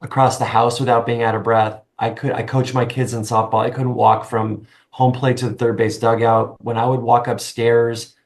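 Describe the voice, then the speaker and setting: A middle-aged man, a guest in an interview, speaking earnestly with halting restarts. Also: mid-range voice, flat delivery. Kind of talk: conversational interview.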